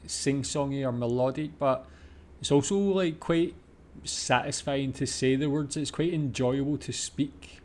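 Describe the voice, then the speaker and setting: A man's voice: medium pitch, measured pace, a little mellow. A man casually commenting on a video he is watching, hesitant and full of fillers. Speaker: reaction video host.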